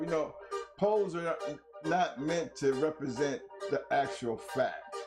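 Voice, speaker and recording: A hoarse man who has lost part of his voice hosts a casual talk show, slightly high-pitched. He explains his points at length in a laid-back, slangy way. Music plays clearly in the background. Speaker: host.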